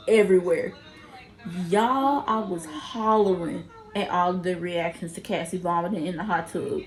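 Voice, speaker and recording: A young woman giving a casual recap of a TV episode, animated and often laughing as she acts out the characters' lines. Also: fairly high pitch, normal speed, rough recording. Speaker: TV episode reviewer.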